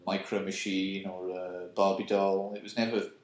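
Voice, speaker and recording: A man's voice: low voice, monotone, moderate pace. A man chatting casually on a podcast, teasing and playfully ranting. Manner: jokey, teasing, mock-outraged rants. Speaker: podcast co-host. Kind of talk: casual chat. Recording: roomy echoey sound.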